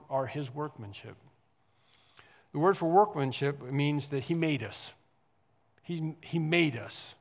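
A man preaching a sermon, swinging from quiet explanation to loud emphatic lines and repeating phrases for stress. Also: fairly high pitch. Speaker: pastor. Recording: long hall reverb.

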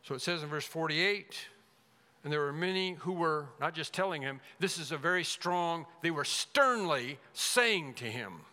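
A man preaching an expository sermon as pastor, emphatic, rising loud then dropping to a hush. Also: a little high, animated, a little slow. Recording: long reverb of a large hall.

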